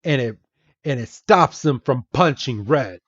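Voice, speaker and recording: A man's voice: mid-range voice, expressive, a bit bright, no room sound, lo-fi sound. A man hosting a podcast, recapping a comic aloud in a chatty way and correcting himself as he goes. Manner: slow, chatty, self-correcting. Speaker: podcast host.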